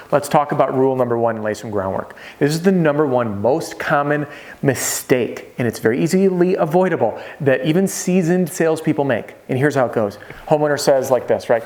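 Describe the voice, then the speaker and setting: A man in his thirties giving a sales training talk straight to camera. His delivery is punchy and conversational, with a mid-range voice. He often slips into little role-played exchanges with customers. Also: mid-range voice. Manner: punchy, conversational, acts out dialogue with homeowners.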